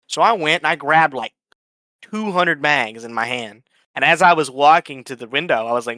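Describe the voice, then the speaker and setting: An animated man telling a story on a podcast, blunt and profane, jumping up in pitch as he acts out each quote. His voice is bright and forceful and sits a little high, with a dry, close sound. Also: normal speed, dry recording. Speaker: podcast guest. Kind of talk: casual storytelling.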